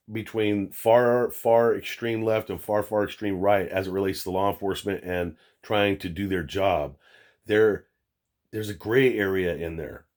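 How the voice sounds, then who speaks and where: A middle-aged American former police officer hosting a casual commentary vlog, talking bluntly and swearing freely. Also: male voice, low-pitched, a little mellow. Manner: profane, blunt and conversational.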